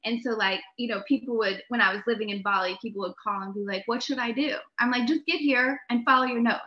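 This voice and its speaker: A young adult woman, a podcast guest, telling a story in an animated way, laughing often and full of filler words. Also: on the high side, quick pace. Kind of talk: storytelling in a conversation. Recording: echoey room, dull lo-fi sound.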